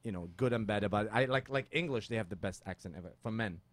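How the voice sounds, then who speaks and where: Middle Eastern-accented host, rambling chat. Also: male voice, on the low side, fast talker. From Middle East. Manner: rambling, playful, many fillers. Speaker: podcast host. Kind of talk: casual comedic chat.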